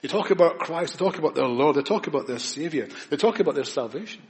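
A man preaching a sermon, earnest and emphatic, with repetitions and pauses. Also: fairly high pitch, animated, long reverb tail.

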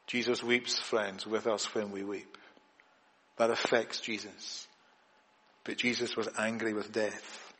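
A man delivers a sermon in a church with a long echo trailing after his words. His voice sits at a middle pitch. He builds to loud, emphatic points, then drops to hushed, quiet lines. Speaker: preacher. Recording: long hall reverb.

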